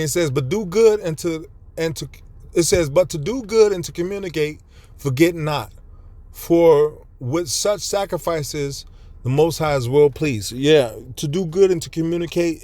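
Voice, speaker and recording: A man's voice: on the high side, a little mellow, no room sound. A man preaching a blunt, profane, scolding street sermon to his listeners.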